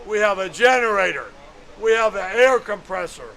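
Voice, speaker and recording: A man's voice: sits high, expressive, moderate pace, vocal fry, fairly bright tone, exaggerated voice, low-quality recording. Old man retelling a pushy trailer salesman. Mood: eager. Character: pushy male trailer builder, insistent salesman.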